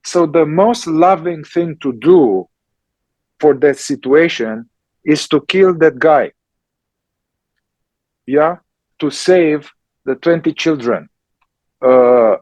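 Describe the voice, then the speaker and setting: A man, a therapist and teacher answering questions in a slow, emphatic conversational way, often checking in with "yeah?". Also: on the high side, darkish tone, no room sound, poor audio. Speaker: somatic psychotherapist and teacher.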